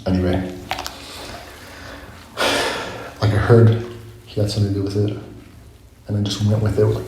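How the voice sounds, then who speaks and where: Low-voiced man in a very echoey room. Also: fairly even intonation, normal speed, creaky, pauses often. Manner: rambling, self-correcting, reflective. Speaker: vlogger. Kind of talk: casual storytelling monologue. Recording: very echoey room, faint noise.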